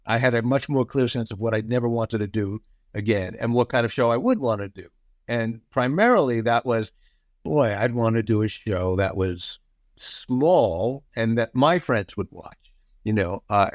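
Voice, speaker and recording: A man's voice: mid-range voice, dry recording. Guy in his 60s spinning stories, does little voices for quotes, dry close sound. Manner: storyteller who acts out quoted voices, chuckling. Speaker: guest. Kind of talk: anecdotal interview chat.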